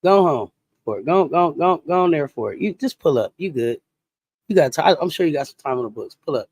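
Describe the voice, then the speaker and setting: A woman hosting a casual sports talk livestream, animated and chatty, greeting viewers and reacting to chat comments. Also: low-pitched, fairly quick, breathy edge, no room sound. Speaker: sports talk show host.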